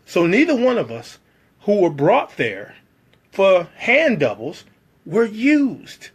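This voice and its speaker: A man's voice: high voice, huge pitch swings, slow pace, breathy edge. A man telling a personal story about working as a background actor, acting out the other people's lines in shifting voices.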